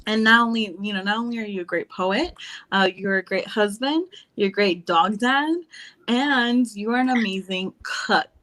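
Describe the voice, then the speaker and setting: A woman co-hosting a casual live-stream chat, talking in a warm, complimentary way and laughing easily. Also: medium pitch, normal speed. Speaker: co-host.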